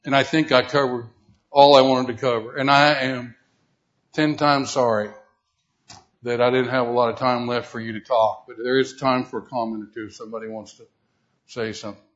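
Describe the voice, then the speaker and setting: Emphatic preacher, lo-fi recording. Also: male voice, medium pitch, steady tone, brisk. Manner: emphatic, rising to loud repeated exhortation; asks the audience questions directly. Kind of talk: Bible lesson. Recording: dull lo-fi recording.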